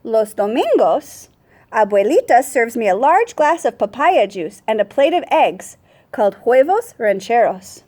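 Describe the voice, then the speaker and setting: A woman who teaches first grade, reading a picture book aloud to children with expressive storytelling and Spanish words spoken with ease. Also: a little high, measured pace.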